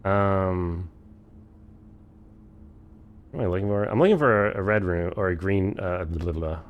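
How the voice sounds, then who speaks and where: A man's voice: deep voice, moderate pace, dull audio. A man streaming a game for the first time, thinking aloud, swearing freely and chatting with his viewers. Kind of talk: casual live-stream commentary.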